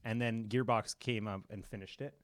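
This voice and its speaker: A man's voice: fairly low pitch, fairly even intonation, normal speed, dry recording, studio quality. A man co-hosting a casual podcast, joking around and reading news quotes aloud in a mock newsreader voice. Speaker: podcast co-host.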